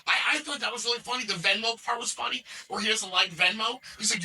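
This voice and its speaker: Casual podcast host, forties, New Jersey accent, bright and eager, stumbles over his words, recorded from a distance. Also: high-pitched, fairly even intonation, quick pace, few pauses. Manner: hesitant, repeats words, enthusiastic. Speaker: show host.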